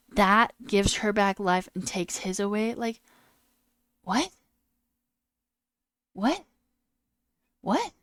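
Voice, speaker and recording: A woman streamer ranting in a casual, animated way, swearing and mocking voices in quotes. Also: medium pitch, no echo, studio quality. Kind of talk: casual live-stream rant. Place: home room.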